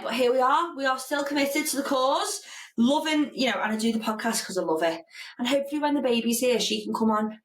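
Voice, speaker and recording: A woman's voice: medium pitch, distant mic. Breathless woman hosting her podcast, chatty and frank, in an echoey room a bit off the mic. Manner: chatty and candid, swears freely. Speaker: podcast host. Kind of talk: casual solo podcast talk. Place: home room with a standing desk.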